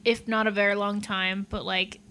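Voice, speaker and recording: A woman guest on a podcast, talking in a casual, animated way with lots of fillers. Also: medium pitch, normal speed, slight background noise. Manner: animated, rambling, many fillers.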